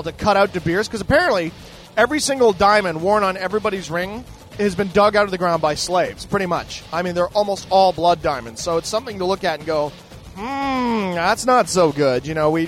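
A man hosting a podcast in a casual, profane rant, animated and mock-boastful, swearing freely. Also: high-pitched, fast, faint music behind. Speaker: podcast host.

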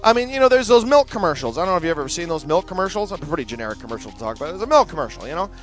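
A man's voice: high-pitched, sing-song, racing, fairly bright tone, soft background music. A man hosting a podcast, ranting in a profane, opinionated solo monologue while getting over a cold. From Canada. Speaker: podcast host.

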